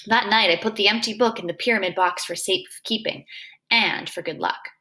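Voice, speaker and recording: A woman's voice: medium pitch, fairly quick, pushed and bright. A woman reading a novel aloud in a plain, conversational first-person telling. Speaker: reader.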